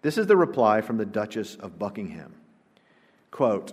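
A man, preaching an emphatic, rhetorical sermon to a congregation, swinging between loud declarations and low asides. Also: very animated, moderate pace, breathy edge. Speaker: pastor. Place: church sanctuary, preaching to a congregation. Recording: long church-hall reverb.

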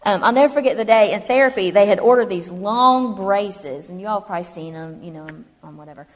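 Woman, humorous testimony speaker, mid pitch, reverberant hall. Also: fast. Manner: chatty, humorous, animated storytelling. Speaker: speaker telling her story. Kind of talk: personal testimony to a live audience.

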